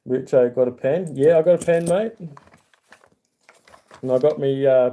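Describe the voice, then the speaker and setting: A man's voice: on the high side, warm tone. A middle-aged Australian man hosting a casual livestream, rambling in a friendly way and reading viewer comments aloud. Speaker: YouTube channel host.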